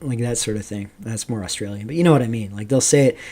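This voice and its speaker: A man's voice: on the low side, fast talker, mellow. Man rambling through a live stream. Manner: rambling, reads chat aloud, many fillers. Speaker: streamer host. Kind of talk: casual livestream commentary.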